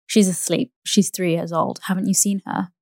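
A woman reading aloud and voicing a flighty, excitable young woman with a breathless, airy lilt. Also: lowish voice, moderate pace, no room sound, studio quality, lightly acted. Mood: gushing.

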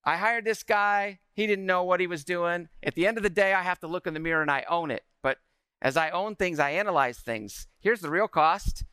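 A man in his forties giving an energetic talk to a live audience, often asking the room questions. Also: high-pitched, fairly quick, clear, resonant tone, no echo.

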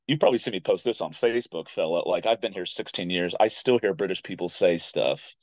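An American man in his thirties, a podcast guest, telling stories in a casual and animated way. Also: low-pitched, fairly quick, no room sound. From United States. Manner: animated storyteller who acts out quoted voices. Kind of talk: casual interview storytelling. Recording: dull, dry podcast audio.

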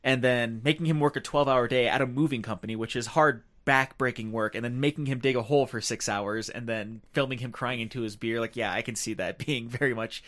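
A man's voice: mid-range voice, steady tone, a little fast, few pauses, a bit bright. A man on a casual movie podcast, filling in scene details and reacting to the others. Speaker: podcast co-host. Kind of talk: casual film discussion.

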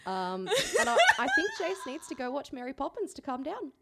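A woman co-hosting a podcast in a loose, joking chat. Her voice is high and swings widely, and she giggles and mocks herself freely. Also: sing-song, a little fast, creaky, very noisy. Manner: giggly, playful, self-mocking. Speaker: podcast co-host. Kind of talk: casual chat.

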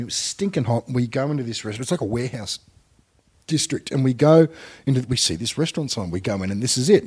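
A middle-aged Australian man telling a lively story as a podcast guest. He acts out the people he quotes and laughs often. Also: fairly low pitch, husky. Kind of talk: animated anecdote on a podcast.

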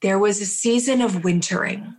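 A woman guest in an interview, telling an emotional personal story vividly, repeating phrases and slowing down for emphasis. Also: medium pitch, darkish tone, slightly rough. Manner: vivid, repetitive, slows down for emphasis.

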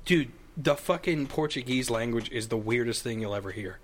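A young man chats with his friends in an excitable, joking way, swearing without a second thought. His voice sits at an ordinary middle pitch. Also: normal speed, slight background noise. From New York. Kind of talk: casual chat among friends.

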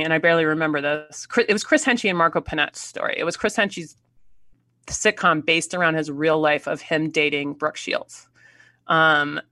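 A woman's voice: low-pitched, no echo, clean studio sound. A woman telling an anecdote in a casual interview, acting out quoted lines and laughing often. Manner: animated storyteller, acts out quotes, laughs often. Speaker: actress guest.

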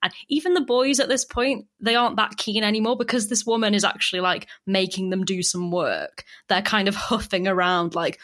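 A woman's voice: medium pitch, moderate pace, fairly bright tone. A young woman with a chatty manner, recapping a TV episode with a co-host, laughing often and acting out lines. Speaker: podcast co-host. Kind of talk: casual chat recapping a TV episode.

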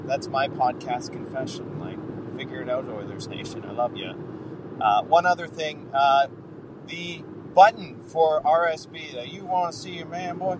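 A man's voice: fairly high pitch, distant mic, noisy background. A man leaving a rambling, swearing voicemail for a podcast, calling from outdoors. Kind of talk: casual voicemail rant.

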